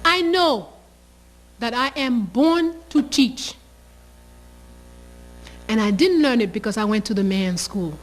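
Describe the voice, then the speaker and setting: A woman's voice: on the high side, expressive, slow pace, long pauses, poor audio. A woman, telling a story with passion and emphasis. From Haiti. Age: 60s. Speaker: teacher. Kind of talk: storytelling interview.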